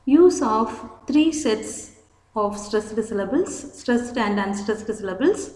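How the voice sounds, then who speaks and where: A woman's voice: a little high, animated, slow pace, a little mellow, reverberant, a little hiss or hum, rough recording. A woman teaching a literature lesson, patiently explaining terms and spelling words out. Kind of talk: slow explanatory lecture.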